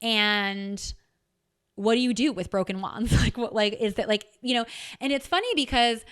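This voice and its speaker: A woman hosting a podcast, telling a personal story in a candid, animated way and swearing freely as she goes. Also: fairly high pitch, moderate pace, clear, resonant tone. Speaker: podcast host. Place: home.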